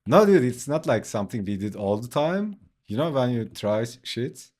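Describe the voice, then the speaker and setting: A man who is not a native English speaker, telling a story in a relaxed, casual way while streaming his drawing. He swears, leans on "like" and laughs often. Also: medium pitch, normal speed.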